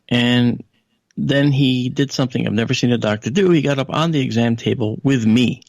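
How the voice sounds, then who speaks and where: A man with a gravelly, fry-tinged voice tells a story as a radio guest, lifting his pitch whenever he quotes someone else. The sound is dry and close, with no room around it. He talks casually and drifts into fillers and asides. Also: normal speed, a little mellow, no echo. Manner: conversational with frequent fillers and asides. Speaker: guest analyst. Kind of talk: anecdotal storytelling in a radio interview.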